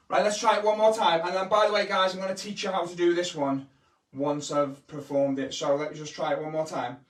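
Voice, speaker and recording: Man, kids' entertainer, playful and over the top, high-pitched, roomy echo. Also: level tone, fast talker, a bit bright. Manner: bouncy, exaggerated, playfully teasing the young audience. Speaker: children's entertainer and magician. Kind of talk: live-streamed magic lesson for kids. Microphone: camera held by his wife. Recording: echoey room, voice from the camera's distance.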